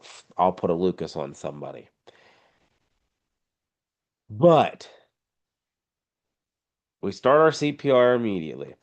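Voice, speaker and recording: A man teaching an online EMS class in a blunt, informal and emphatic way, heard over a video call. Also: mid-range voice. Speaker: EMS instructor. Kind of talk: casual online class lecture.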